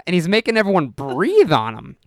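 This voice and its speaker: A man's voice: high-pitched, wildly swooping pitch, fairly quick, background noise. A young man telling a story in casual chat. He acts out the quotes and laughs partway through sentences.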